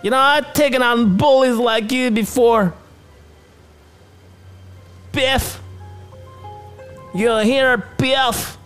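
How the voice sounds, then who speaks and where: A man voicing a nervous young man standing up to a bully, squeaky and indignant. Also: extremely slow, pauses often, fairly bright tone, clean tone, faint music behind, heavily acted. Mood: defiant.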